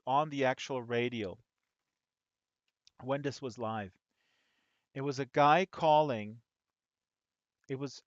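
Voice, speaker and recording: A man hosting a casual chat, telling rambling, animated stories with many restarts. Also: medium pitch, dry recording. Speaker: host. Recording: dull lo-fi dry audio.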